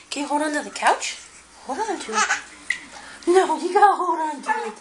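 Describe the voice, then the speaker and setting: High-pitched, sing-song woman coaxing a puppy. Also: animated, moderate pace, pauses often. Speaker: person filming at home. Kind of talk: playful home video chatter. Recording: loud background noise in a home video.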